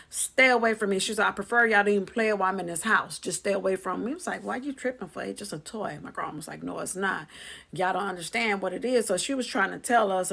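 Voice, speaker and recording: Chatty woman with a gravelly edge. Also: medium pitch, fairly bright tone. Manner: chatty, slangy, acts out family members' lines. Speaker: vlogger. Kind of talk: casual storytelling to camera.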